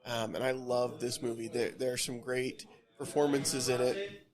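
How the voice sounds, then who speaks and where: A man's voice: mid-range voice, normal speed. A man co-hosting a podcast in a coffee and comic shop, chatting casually with lots of fillers and restarts. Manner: rambling, filler-heavy. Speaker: podcast co-host. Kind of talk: casual chat. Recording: busy café crowd behind. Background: café crowd chatter.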